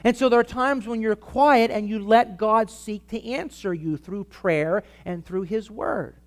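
A man's voice: sits high, a little slow. A man preaching to a live church audience in an emphatic teaching style, asking the listeners for amens. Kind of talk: sermon-style teaching talk.

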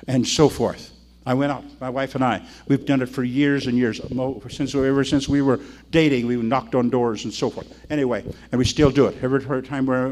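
Older male pastor, animated sermon. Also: fairly high pitch. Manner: animated storytelling, repeats phrases for emphasis.

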